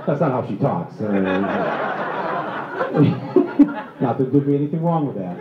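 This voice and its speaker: Man from Michigan, comic stage talk, high lively voice, echoey hall, slightly dull sound. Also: a little slow, background noise. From Michigan, USA. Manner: animated, joking, acts out voices and asides. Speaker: speaker at a book tour event. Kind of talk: comic political talk to a live audience. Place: auditorium with an audience.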